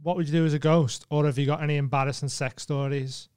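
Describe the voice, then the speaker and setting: A man co-hosting a podcast, trading quick banter and short interjections in casual comedic chat. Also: on the high side, fairly even intonation, darkish tone, clean tone. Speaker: podcast co-host.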